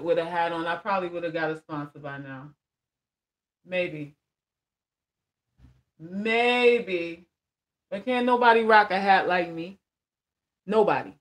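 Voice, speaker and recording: A woman vlogger chatting casually on a livestream, blunt and emphatic, repeating phrases for emphasis and answering viewer comments. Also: lowish voice. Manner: reads viewer comments aloud and answers them. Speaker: vlogger and life coach.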